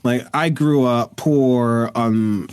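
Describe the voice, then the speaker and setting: A man's voice: mid-range voice, extremely slow, darkish tone, clear, resonant tone, no room sound. Casual man hosting a podcast. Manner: casual, restarts often, agrees with "right" and "exactly". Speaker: podcast host.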